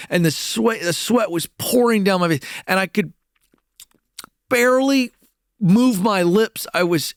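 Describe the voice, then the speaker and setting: A man telling a personal story to an audience in a lively way, acting out the voices of others and often repeating words. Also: sits high, gravelly, no room sound, clean studio sound. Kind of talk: animated storytelling talk.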